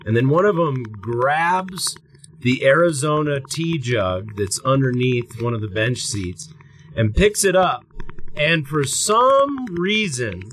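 A man's voice: mid-range voice, big pitch swings, slow pace, fairly bright tone, a little hiss or hum, poor audio. A man co-hosting a podcast, telling a long story in a casual, rambling, profane way and acting out what people said. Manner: rambling, profane, acts out quotes. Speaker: podcast co-host.

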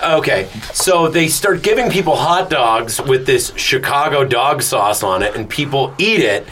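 A man hosting a casual podcast, telling stories fast with profanity and frequent restarts. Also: medium pitch, expressive, a bit bright, a little hiss or hum. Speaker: podcast host.

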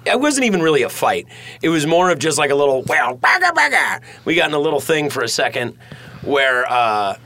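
A man with a fairly high voice rambles through jokey stories on a studio podcast. He laughs often and talks in loose, casual chat. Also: expressive, fairly quick, a bit bright. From United States. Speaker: podcast co-host.

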